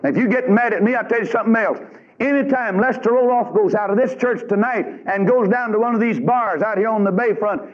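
A man preaching a revival sermon in a church, fiery, folksy and emphatic. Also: high voice. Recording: lo-fi old tape recording.

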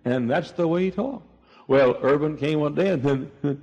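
A man's voice: fairly high pitch, moderate pace, gravelly, darkish tone, big-room sound, lo-fi sound. A man preaching a sermon, telling stories and acting out voices, with many restarts. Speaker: pastor. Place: church sanctuary.

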